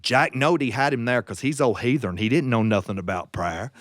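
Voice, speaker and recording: A man's voice: medium pitch, fairly quick, no room sound, clean studio sound. A man telling a folk tale in a folksy, drawling dialect. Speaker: storyteller.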